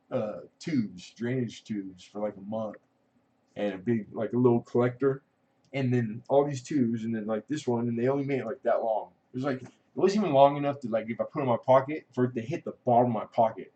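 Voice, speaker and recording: A man hosting a casual livestream chat, telling a long personal story in a rambling way, laughing often and trailing off. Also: mellow. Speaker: livestream host. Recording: muffled low-fidelity audio.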